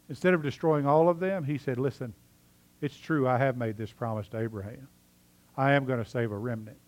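A male pastor preaching a sermon, telling a story with lively swings between loud animated passages and quiet, earnest asides. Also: medium pitch.

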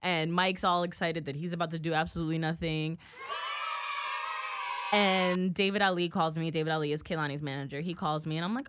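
Profane, animated young woman podcast host. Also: deep voice, fairly quick. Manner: profane, animated storyteller who acts out dialogue. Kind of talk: casual podcast chat.

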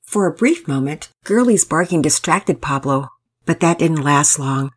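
A woman's voice: low-pitched, expressive, unhurried, husky. A woman hosting and narrating a children's family story, reading it aloud. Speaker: storyteller and host.

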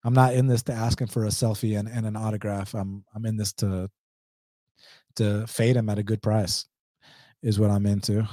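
A man's voice: fairly low pitch, flat delivery, normal speed, dark tone, no room sound, clean studio sound. A man with an Atlanta accent hosting a casual livestream, reading viewer comments and answering bluntly with slang and laughs. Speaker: MMA betting livestream host.

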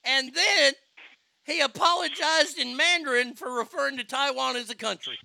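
A man's voice: very high voice, moderate pace, creaky, pushed and bright, dry recording. A man co-hosting a podcast, bantering loosely about movies with joking, profane asides. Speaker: podcast co-host.

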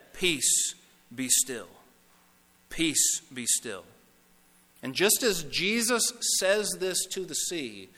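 A man preaching a sermon as pastor, emphatic, repeating phrases and dropping to a hush on key words. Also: medium pitch, in a large hall. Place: church sanctuary.

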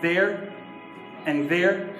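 Pastor guy w a high voice, joking around, roomy echo n music under him. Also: extremely slow. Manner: lively, joking, calls for audience response. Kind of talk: sermon with humorous stories. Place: church service. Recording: echoey room with music behind.

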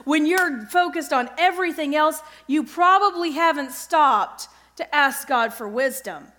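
A middle-aged woman giving an earnest devotional Bible teaching, often pausing to check in with her listeners. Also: sits high, bright, forceful tone. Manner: earnest, keeps checking in with "okay?".

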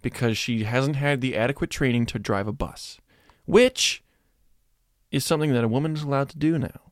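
A man's voice: medium pitch, normal speed, no echo, clean studio sound. A man co-hosting a comedy podcast, trading provocative jokes in casual banter. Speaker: podcast co-host.

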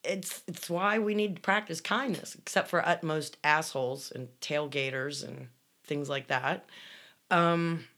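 Woman, middle-aged, low voice, blunt and cussing, casual co-host chat. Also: unhurried, a bit bright. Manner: blunt, storytelling, swears freely. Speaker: podcast co-host reading listener comments.

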